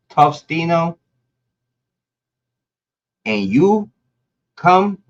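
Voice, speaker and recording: A man's voice: mid-range voice, breathy edge. A man from Ohio giving an angry, profane rant to the camera as a YouTube commentator, often stumbling and repeating words. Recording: dull lo-fi audio.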